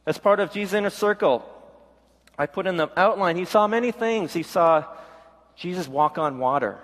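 Folksy middle-aged pastor in a reverberant hall. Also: male voice, high-pitched, moderate pace, fairly bright tone. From Pacific Northwest, USA. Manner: candid, folksy storytelling. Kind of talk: conversational sermon.

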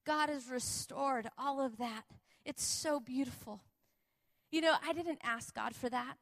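A woman preacher shares a personal testimony with a high, bright-edged voice. She talks emphatically and circles back over key phrases, building the story with animated energy. The style is that of a church testimony sermon. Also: measured pace, creaky. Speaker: preacher and missionary.

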